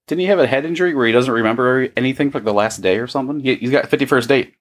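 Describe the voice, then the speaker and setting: A man on a podcast panel, jumping in with quick, chatty remarks during casual banter. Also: medium pitch.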